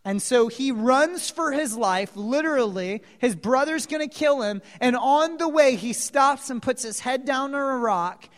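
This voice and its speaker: Slow-paced preacher man in a reverberant hall. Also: very high-pitched. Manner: animated storyteller, asks the audience questions. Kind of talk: sermon retelling a Bible story. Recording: long reverb of a large hall.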